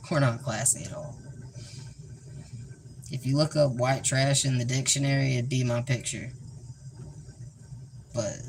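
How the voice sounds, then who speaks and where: A goofy, rambling streamer talks slowly and loosely while cooking in a home kitchen. The voice sits at a middling pitch. The recording has a clearly audible noise floor with clicks. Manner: goofy and rambling, with sound effects. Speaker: livestream host. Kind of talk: casual cooking livestream chat. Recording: noisy with clicks.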